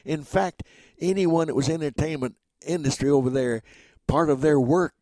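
A man's voice: on the high side, moderate pace, no echo. An older man, an entertainer, being interviewed and telling anecdotes, acting out the dialogue of the people in his stories. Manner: animated storyteller who acts out quoted dialogue.

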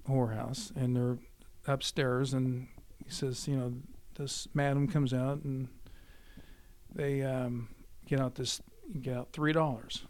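Man retelling his father's stories. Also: mid-range voice. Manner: animated, acts out quoted dialogue. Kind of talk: casual storytelling.

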